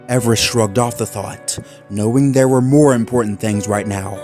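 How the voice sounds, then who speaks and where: A man reading a horror fan story aloud in a measured, ominous way. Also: fairly low pitch, a little mellow. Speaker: narrator. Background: faint background music.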